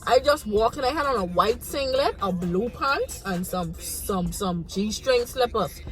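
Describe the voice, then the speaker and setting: A woman's voice: a little high, unhurried, faint music behind. Bahamian woman telling a frank story. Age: young adult. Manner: frank, animated, acts out her own reactions. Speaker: vlogger. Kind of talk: casual storytime.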